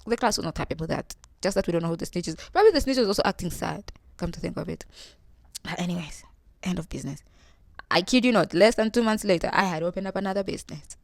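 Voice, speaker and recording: A woman's voice: lowish voice, no room sound. A young woman from Tanzania telling a humorous story about her life, acting out the voices of the people in it. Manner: animated, acts out quoted voices. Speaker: vlogger.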